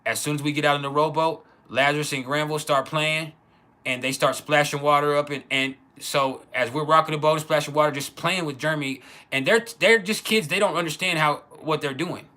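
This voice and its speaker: Man telling a story, halting. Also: a little high, steady tone, bright, forceful tone. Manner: casual, halting, many restarts and repeats. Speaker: channel host. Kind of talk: personal storytelling.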